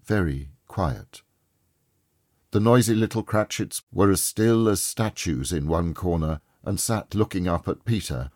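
Low, husky male storyteller. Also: no room sound, clean studio sound. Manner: measured, expressive storytelling. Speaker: narrator. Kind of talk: scripted audiobook narration.

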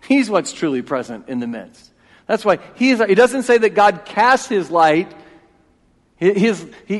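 Man in his forties, pastor, slightly high voice, emphatic sermon, long church reverb. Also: very animated, measured pace. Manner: emphatic, repeats key phrases, swings between loud and hushed. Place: church sanctuary.

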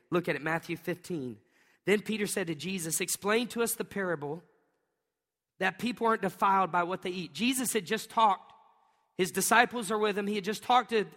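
A middle-aged pastor preaching a sermon, animated and storytelling, often laughing and acting out voices. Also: male voice, sits high. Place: large church hall. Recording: long hall reverb.

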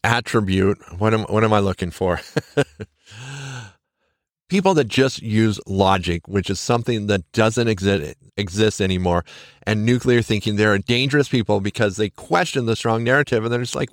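A man's voice: on the low side, no echo, clean studio sound. A man hosting his own podcast in an upbeat, chatty monologue, laughing at himself and correcting his slips. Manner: upbeat, chatty, quick shout-outs. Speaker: podcast host.

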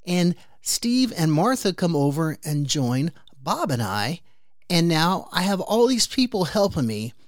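A man hosting his own podcast, telling a personal story in an animated way and then drawing an earnest, reflective lesson from it. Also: fairly high pitch, no room sound, clean studio sound. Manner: animated storyteller who briefly acts out the neighbors' voices. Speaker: podcast host. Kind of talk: motivational storytelling monologue.

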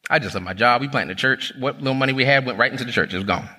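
A man in his thirties preaches from the pulpit, his voice very bright and ringing. He talks to the congregation like a friend, shifting between storytelling and exhortation. A long church-hall reverb trails his words. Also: medium pitch, racing. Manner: storytelling, animated and conversational, addresses the crowd as y'all. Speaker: pastor. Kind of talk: sermon.

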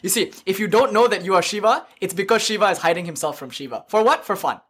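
A spiritual teacher lecturing informally, chanting in between and explaining with an animated, irreverent, joking delivery. The voice is husky and sits at a middle pitch. Casual swearing and playful asides run through the talk. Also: quick pace. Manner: animated and expressive.

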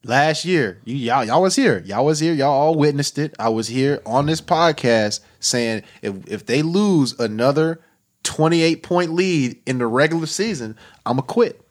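A man trash-talking his friend about college football on a podcast. He is loud and teasing, laughing often in casual banter. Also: a little high, animated, unhurried. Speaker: podcast co-host.

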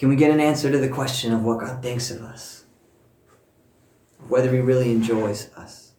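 A man's voice: mid-range voice, normal speed, mellow, a little hiss or hum. Earnest male pastor in an echoey room. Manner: earnest storytelling, speaking to listeners at home. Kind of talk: sermon.

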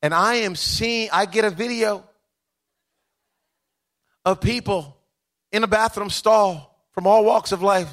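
A man preaching a sermon, moving between quiet conversational asides, chuckling stories and a rising, rhythmic preacher's cadence. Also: high voice, slow pace, long pauses. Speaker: pastor.

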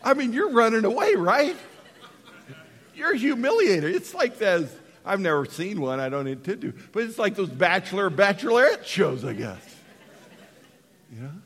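A middle-aged man from Western Colorado preaching a sermon, dropping to hushed tones and rising to shouts. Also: high-pitched, big pitch swings, normal speed, slightly rough, long reverb tail. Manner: dramatic, swings from hushed to shouting. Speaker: pastor.

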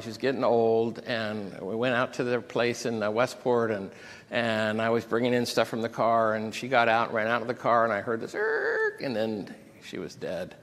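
A man pastor preaching a sermon, retelling scripture and a personal story with deep emotion. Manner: emotional storytelling, reads scripture aloud with rising intensity. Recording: long hall reverb.

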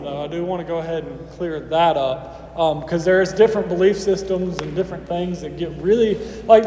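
High-voiced pastor in an echoey hall. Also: male voice. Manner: casual, conversational, playful asides. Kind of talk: sermon.

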